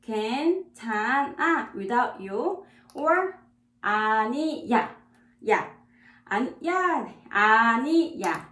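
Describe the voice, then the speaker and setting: A woman with a fairly high voice, teaching a beginner Korean lesson in her second language. She repeats each phrase slowly and patiently, so listeners can copy it. Her voice rings a little in an echoey room. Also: a bit bright. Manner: slow, repeats words for practice.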